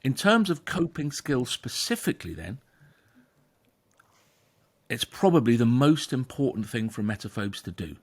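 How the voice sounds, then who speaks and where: Brief: male therapist, emphatic explainer, average pitch. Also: normal speed, pauses often, slightly rough. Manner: animated, emphatic, acts out inner voices. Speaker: therapist and podcast host. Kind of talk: conversational explanation.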